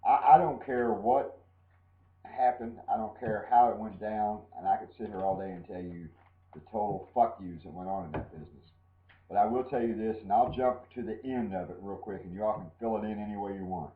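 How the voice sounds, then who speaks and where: A man's voice: fairly low pitch, a little fast. A man, ranting angrily and profanely as a guest on a wrestling podcast while drinking. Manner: angry, swearing, drinking, loud and ranting. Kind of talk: profane heated rant. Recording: tinny phone-like audio in echoey room.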